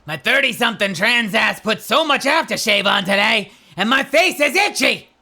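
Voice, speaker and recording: A woman voicing a small goblin with a gruff, growly voice. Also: on the high side, expressive, moderate pace, sharp tone, pitched above the performer's own voice, heavily acted. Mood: grumbly.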